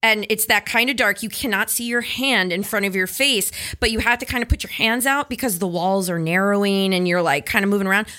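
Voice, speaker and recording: Female podcast co-host with a bright, forceful voice. Animated storyteller. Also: medium pitch, brisk, few pauses. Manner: animated storyteller, acts out quotes. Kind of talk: casual storytelling chat.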